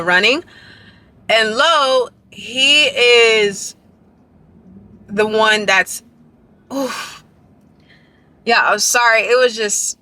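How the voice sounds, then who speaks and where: A young woman tells a story to her camera in a bright, slightly high voice. She rambles with excitement and keeps reaching for "like" and "y'all" as she goes. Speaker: dance vlogger. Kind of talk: casual storytelling vlog.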